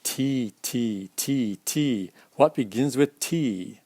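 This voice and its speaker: A man's voice: medium pitch, slow pace, hardly any pauses, mellow, no echo. A man reading a children's alphabet picture book aloud at storytime, stopping to explain the pictures to young listeners. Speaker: storytime reader.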